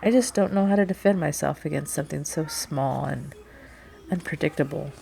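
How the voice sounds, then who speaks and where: A woman's voice: low-pitched, moderate pace, creaky, warm tone. A woman voicing a blunt, guarded sea captain. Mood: reflective.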